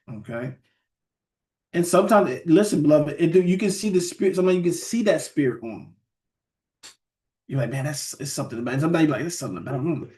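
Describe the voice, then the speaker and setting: Man teaching scripture with "right?" tags. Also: on the high side. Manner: conversational, asks "right?" and "what?" often, reads verses aloud. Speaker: Bible teacher.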